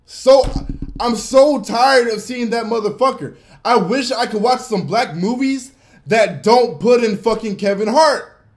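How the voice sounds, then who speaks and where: High-voiced young man on a profane rant. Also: measured pace. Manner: ranting, profane, swings from yelling to muttering. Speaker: livestream host. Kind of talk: unscripted livestream rant.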